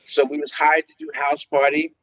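A middle-aged man casually telling an anecdote as a guest, animated and acting out quotes with jumps in pitch. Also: moderate pace, no echo, low-quality recording. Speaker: guest storyteller.

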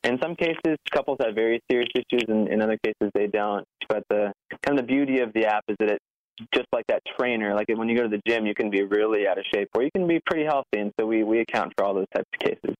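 Earnest app founder on a dull line. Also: male voice, fairly low pitch, no room sound. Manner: earnest, fast, full of restarts, acts out quoted voices. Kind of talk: remote interview conversation.

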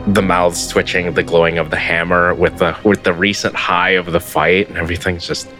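A man playing in a tabletop game, describing his character's actions in a relaxed way. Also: low voice, normal speed, over music. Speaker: player. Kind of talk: casual tabletop play.

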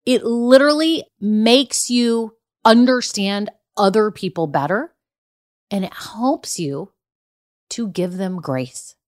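Middle-aged woman, podcast business coach, emphatic, repetitive, self-deprecating, mid-pitched voice. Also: slow pace. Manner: emphatic and repetitive, chatty storytelling; self-deprecating, casual fillers. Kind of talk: solo podcast talk, motivational.

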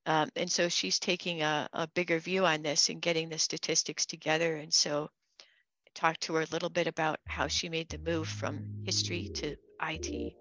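A woman's voice: deep voice, level tone, moderate pace. A woman hosting a podcast, talking casually and chattily, laughing and restarting her sentences. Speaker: podcast host. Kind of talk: casual interview chat.

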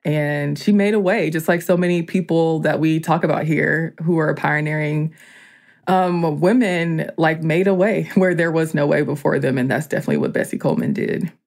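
Chatty Southern woman, fairly low voice. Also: normal speed, a little mellow. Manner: chatty, heavy use of "like". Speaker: podcast co-host. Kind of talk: casual podcast chat.

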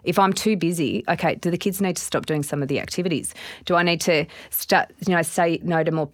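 A middle-aged Australian woman guest speaks with a low voice at a quick clip. She tells stories casually and animatedly, acting out her inner thoughts. The sound is dry and close. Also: no echo. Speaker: guest, business owner. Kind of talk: casual podcast interview.

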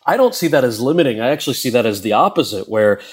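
Animated man telling stories. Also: mid-range voice, quick pace, breathy edge. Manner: animated storyteller, laughs often. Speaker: guest. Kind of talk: casual interview chat.

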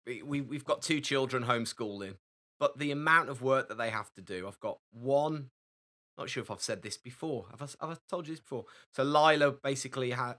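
A man's voice: mid-range voice, bright, forceful tone. A man, co-hosting a podcast in easygoing casual chat. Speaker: podcast co-host.

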